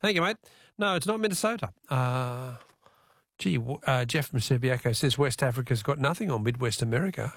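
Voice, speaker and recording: An Australian man hosting a talkback radio quiz in an easygoing, chatty way, reading the questions out slowly from a studio. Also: mid-range voice, a bit bright, dry recording. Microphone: studio microphone.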